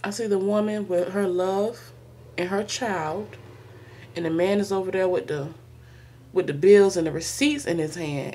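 A woman's voice: on the low side, moderate pace, warm tone. A woman giving a casual, slangy tarot reading, talking to her viewers and laughing often. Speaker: tarot reader.

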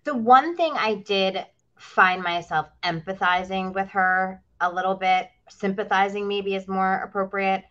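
A woman's voice: mid-range voice, unhurried, few pauses, fairly bright tone. A woman on a discussion panel, chatty, often acting out what others might say. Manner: chatty, acts out quoted lines. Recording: dull lo-fi audio.

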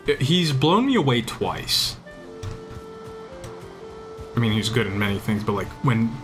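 A young man streams a game and chats casually as he plays, rambling enthusiastically and often restarting his sentences. His voice is fairly low in pitch with a fairly bright tone.

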